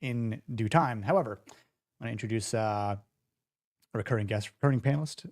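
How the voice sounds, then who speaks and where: A man's voice: on the low side, moderate pace, darkish tone, no room sound, studio quality. A young man hosting a casual livestream show, rambling with many fillers and restarts. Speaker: podcast host.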